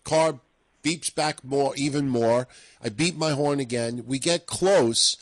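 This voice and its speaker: A man co-hosting a talk show, telling a profane, heated story and acting out a shouting match. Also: mid-range voice, takes it slowly, no room sound, poor audio. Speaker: podcast co-host.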